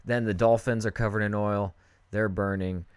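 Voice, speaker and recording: Laid-back young man rambling in a low voice. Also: steady tone, moderate pace, clear, resonant tone, no room sound. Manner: rambling, laid-back, trails off mid-sentence. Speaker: podcast co-host. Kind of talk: casual podcast banter.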